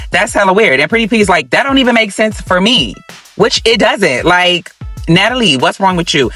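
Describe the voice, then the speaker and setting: A man hosting a reality TV recap, talking to viewers in an animated, sassy and dramatic way. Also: high-pitched. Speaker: host.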